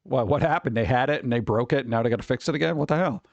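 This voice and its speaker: A man's voice: mid-range voice, very fast, vocal fry, no room sound, lo-fi sound. A man hosting a casual live stream, chatting with viewers and making wisecracking, sarcastic asides. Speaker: streamer host.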